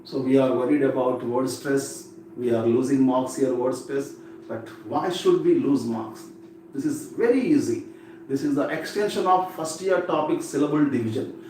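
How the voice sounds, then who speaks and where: A man's voice: medium pitch, moderate pace, dark tone. Man teaching exam English in an echoey room. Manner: repetitive, drilling words aloud. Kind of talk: exam-prep lecture. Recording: echoey room from far off with faint noise.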